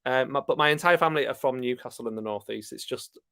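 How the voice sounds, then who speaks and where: A man with a Yorkshire accent hosting a casual live stream, chatting relaxed and laughing often as he answers comments. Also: mid-range voice, fast, gravelly, no room sound, clean studio sound. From Yorkshire, England.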